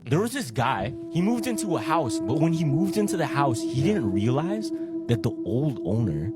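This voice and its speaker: A young man telling a ghost story in relaxed, slangy casual chat. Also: medium pitch, moderate pace. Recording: over loud background music.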